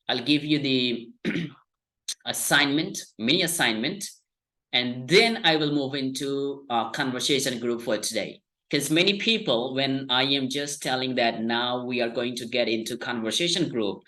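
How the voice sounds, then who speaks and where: Slow, patient male English teacher. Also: medium pitch, bright, forceful tone. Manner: slow, patient explaining with frequent "all right". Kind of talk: online class Q&A. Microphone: video call.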